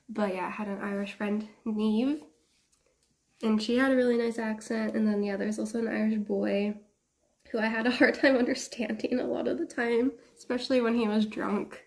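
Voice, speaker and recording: A woman's voice: a little high, fairly even intonation, normal speed. A woman chatting casually with her viewers while she paints, laughing often and drifting closer and farther from the mic. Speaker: art streamer.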